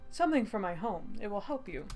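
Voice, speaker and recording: A woman voicing a calm, gentle male warrior who rescues someone, speaking in an even, measured tone. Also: mid-range voice, soft background music, lightly acted. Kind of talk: reading game dialogue aloud.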